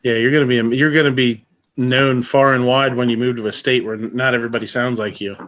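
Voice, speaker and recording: A man's voice: medium pitch, level tone, fast talker, fairly bright tone, dull audio. A man hosting a casual livestream chat about guns, joking around and laughing often. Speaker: livestream host.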